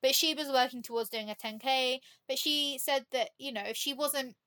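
A woman's voice: high voice, fairly even intonation, normal speed, a bit bright. A woman chatting as a podcast guest, telling rambling stories and laughing often. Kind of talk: casual chat.

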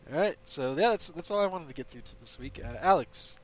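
A man's voice: a little high, lively intonation, a little fast. A man hosting a casual podcast chat with friends, joking around and laughing often. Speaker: podcast host. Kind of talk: casual chat, quizzing friends on movie quotes.

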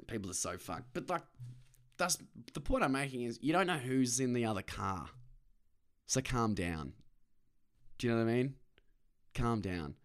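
A man's voice: medium pitch, animated, normal speed, long pauses. A man talking to camera in a casual solo monologue. He rambles and swears, mocks himself, and laughs often. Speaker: vlogger.

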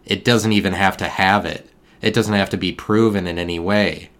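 A man hosting a podcast alone, musing in a meandering, deadpan way with absurd tangents. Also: deep voice, normal speed. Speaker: podcast host. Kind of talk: rambling solo podcast musing.

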